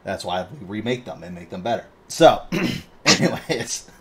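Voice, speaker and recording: A man co-hosting a podcast in casual chat, retelling a story in an animated way, swearing constantly and laughing often. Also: lowish voice, moderate pace, a crowd in the background. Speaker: podcast co-host.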